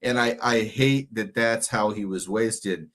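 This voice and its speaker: A man co-hosting a casual reaction chat, relaxed with joking asides. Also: on the low side, unhurried. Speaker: podcast co-host.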